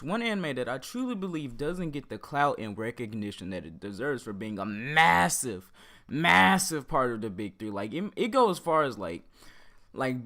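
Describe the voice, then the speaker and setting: A young man with a raspy voice, an anime YouTuber rambling in casual vlog commentary, heavy on slang and filler words. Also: medium pitch, a bit bright. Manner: slangy, rambling, full of "like" and "bro".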